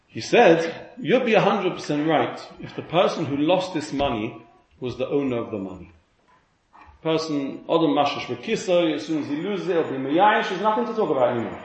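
Animated high-voiced storyteller rabbi. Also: male voice, a little fast, dull audio. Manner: animated storyteller, acts out the characters' lines. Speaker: rabbi giving a talk. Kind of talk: storytelling talk. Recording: roomy hall with faint noise.

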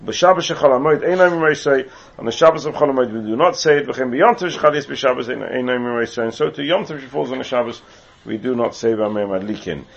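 In a muffled lo-fi recording, an English man gives a Talmudic lecture, reading Hebrew aloud and explaining it in English with occasional asides. He speaks quickly with few pauses, at medium pitch, in a gravelly voice with a breathy edge.

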